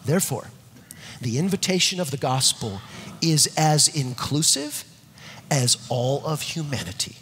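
A man preaching a sermon, emphatic and repetitive, dropping to soft low tones when reading scripture. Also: big pitch swings, measured pace, slight background noise. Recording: long hall reverb, husky.

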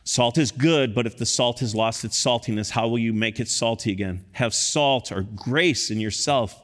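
A man preaching a sermon, reading scripture aloud and rising to loud, emphatic peaks. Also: medium pitch, normal speed, big-room sound. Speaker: pastor.

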